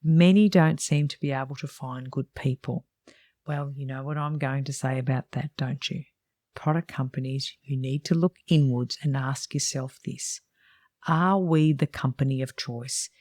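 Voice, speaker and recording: A woman's voice: extremely low pitch, fairly even intonation, normal speed, darkish tone, no room sound. Middle aged woman reading her own salon book, frank and chatty with wry asides, dry close mic. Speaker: salon business mentor and podcast host.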